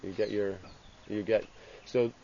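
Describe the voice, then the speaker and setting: A man giving an informal scripture class. He speaks haltingly, restarting phrases and tagging lines with "you know". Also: lowish voice, steady tone, mellow. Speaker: religious teacher. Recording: dull lo-fi with faint ambient hiss.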